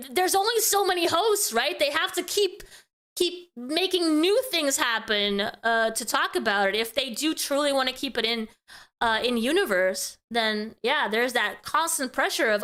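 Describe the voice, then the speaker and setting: A woman's voice: high-pitched, expressive, a little slow, a bit bright. A woman hosting a casual commentary show, talking things through in a chatty way and often tagging her points with a question. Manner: chatty, keeps asking "right?". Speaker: commentary host.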